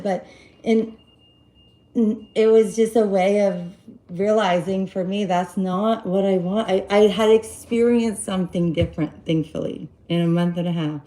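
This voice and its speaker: A woman casually telling a personal story to her live-stream viewers, rambling and animated, acting out quoted dialogue. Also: medium pitch, poor audio. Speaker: live-stream host giving relationship advice.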